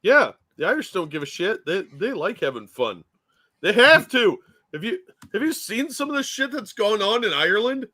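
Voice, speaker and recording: Man, higher bright voice, animated, mocking, crude ranting co-host. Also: moderate pace. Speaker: podcast co-host. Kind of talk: casual political commentary chat.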